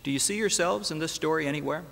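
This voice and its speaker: This preacher speaks quickly in a higher, creaky, fairly bright voice. Delivering a sermon in a church sanctuary, he tells the story with drama and throws out rhetorical questions while the hall echoes around him.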